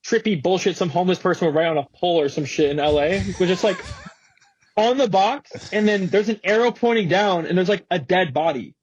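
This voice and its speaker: A man's voice: sits high, fairly quick, slightly rough, no echo, dull audio. A young man from Florida, an interview guest telling a story casually, full of slang and fillers. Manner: slangy, animated, swearing, many fillers.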